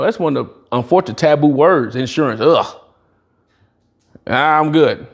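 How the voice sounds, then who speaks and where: Animated man telling stories, pitch a bit high. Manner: animated, acts out dialogue in other voices; casual, slangy storytelling. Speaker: motivational speaker. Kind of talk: storytelling speech at a sales retreat.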